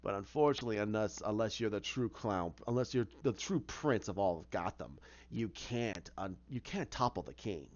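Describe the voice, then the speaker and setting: A man voicing a scheming male villain clown in a low, hushed, menacing voice. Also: lively intonation, normal speed, dull audio, close to an everyday voice. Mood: sly menacing.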